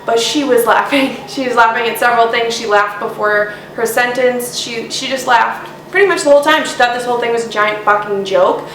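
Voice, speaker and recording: A woman vlogger delivers blunt, indignant true crime commentary, swearing freely as she lays out her case. Her voice sits a touch high and sounds a little distant from the mic. The room is echoey, with a faint hiss behind her. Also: brisk, few pauses, a bit bright. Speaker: YouTuber.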